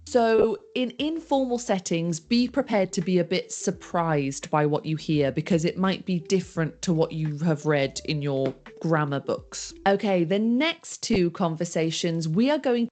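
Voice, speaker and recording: A woman teaching informal English, explaining phrases clearly and acting out example sentences. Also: fairly low pitch, expressive, a little slow, hardly any pauses, a little mellow, soft background music. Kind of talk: scripted language lesson.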